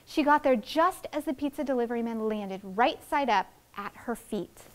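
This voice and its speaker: A woman teacher reading a story aloud to second graders and explaining its writing in an expressive, friendly way. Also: on the high side, normal speed. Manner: expressive, explaining to young children.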